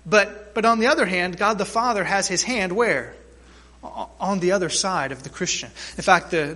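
A male pastor delivers a sermon in a high, bright, forceful voice. He preaches emphatically and keeps asking his congregation questions.

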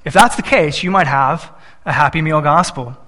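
A man's voice: on the high side, moderate pace, pushed and bright, in a large hall. A man in his thirties preaching a sermon, telling family stories and acting out little voices when he quotes his son and wife. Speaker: pastor.

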